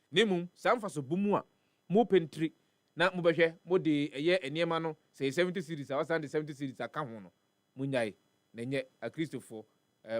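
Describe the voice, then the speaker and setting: A man's voice: on the high side, dry recording. A man with a Ghanaian accent hosting a live morning radio show, reading weather and traffic and chatting, repeating words for emphasis. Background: faint music bed.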